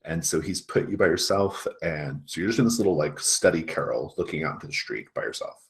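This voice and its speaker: Deep-voiced man running a tabletop game. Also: lively intonation, brisk, vocal fry. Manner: loose, chatty, full of fillers. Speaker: game master.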